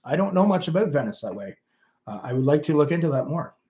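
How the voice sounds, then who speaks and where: A man's voice: fairly high pitch, very animated, fast talker, mellow, lo-fi sound. A middle-aged man with a Canadian accent, hosting a casual livestream and reading viewers' comments aloud in a musing, rambling way full of fillers. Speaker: host of his own channel.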